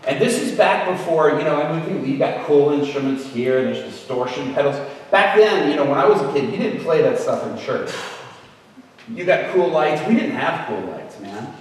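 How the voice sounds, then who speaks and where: A man preaching in a church, telling a humorous personal story in an animated way and shouting re-enacted lines. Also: on the high side, normal speed. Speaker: guest preacher. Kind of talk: sermon storytelling. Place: church sanctuary. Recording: echoey church hall, distant mic.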